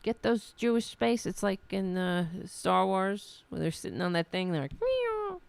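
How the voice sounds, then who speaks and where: A woman's voice: on the low side, normal speed, gravelly, a little hiss or hum. A woman hosting a podcast of political commentary, sarcastic, mocking and profane. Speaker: podcast host.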